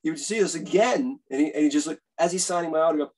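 A husky man, his voice sitting a bit high for a man. He tells eager stories in a casual interview and acts out what others said. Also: fast, poor audio. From Bronx, New York. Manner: animated, eager storyteller who acts out quotes. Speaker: guest author and musician.

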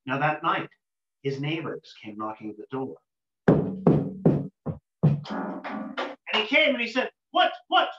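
A man telling a folk tale aloud in an unhurried, rhythmic way, with sudden lifts in his voice. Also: on the high side, huge pitch swings, loud music behind the voice. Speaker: storyteller. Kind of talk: oral folk-tale storytelling. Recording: roomy dull lo-fi recording.

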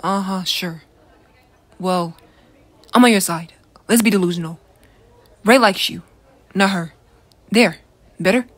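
A woman voicing a brash, teasing teenage boy in an audio role-play, loud and pushy. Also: medium pitch, measured pace, long pauses, no echo. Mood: mocking.

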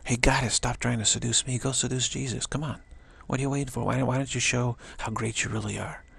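Gravelly husky man taunting the ego. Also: mid-range voice, fairly even intonation, quick pace, a bit bright, no echo. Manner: taunting, challenging, mocking. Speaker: spiritual teacher. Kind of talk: spiritual talk.

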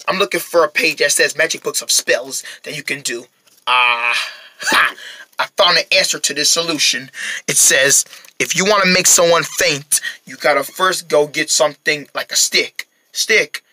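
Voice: medium pitch, pushed and bright, husky. A performer voicing a grumpy cartoon rabbit who grumbles, schemes and brags.

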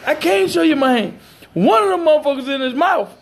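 Guy with a real high voice, swearing nonstop and cracking up while he tells it to a phone cam. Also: expressive, brisk, vocal fry. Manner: profane, emphatic, laughing often. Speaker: storyteller recounting a police dog bite. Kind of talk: casual storytelling to camera.

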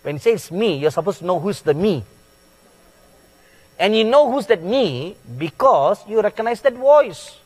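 Male preacher, sermon, slow drawn-out delivery, swooping animated pitch, long hall echo. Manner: slow, deliberate, emphatic, with sudden loud peaks.

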